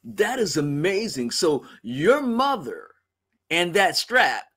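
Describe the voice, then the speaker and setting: Interviewer with a slightly high voice. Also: male voice, sing-song, slow pace, fairly bright tone. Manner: reacts with short exclamations, asks reflective questions. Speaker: interview host. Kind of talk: casual interview.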